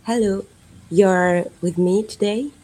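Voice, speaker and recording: Slow, dark-voiced woman performer. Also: medium pitch, fairly even intonation, breathy edge, low-quality recording. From France. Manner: slow, repetitive, incantatory phrasing. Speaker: performance artist. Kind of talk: improvised radio performance.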